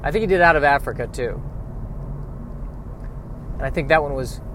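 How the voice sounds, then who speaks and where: A man's voice: fairly high pitch, moderate pace, background noise. An American man in a car, rambling in casual chat with joking, self-mocking digressions. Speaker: vlogger.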